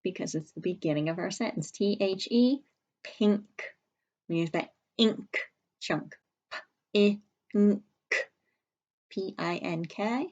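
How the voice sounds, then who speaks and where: Speaking slowly at medium pitch and pausing often, a woman gives young children an early-grade spelling lesson, sounding out letters and words carefully at a whiteboard. Her tone is darkish and the audio dull.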